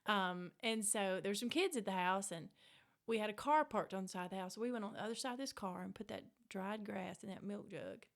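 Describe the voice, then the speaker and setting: A middle-aged woman with a Mississippi Southern accent, an author telling family stories in a casual interview, animated and quick to act out voices. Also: mid-range voice. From Mississippi Delta. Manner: animated, acts out quoted voices, laughs often. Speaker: author, guest.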